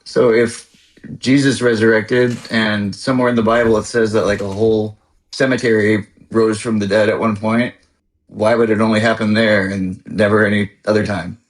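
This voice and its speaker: A man's voice: on the low side, level tone, normal speed, rough recording. A man debating casually in a live online discussion, plain-spoken and full of "like".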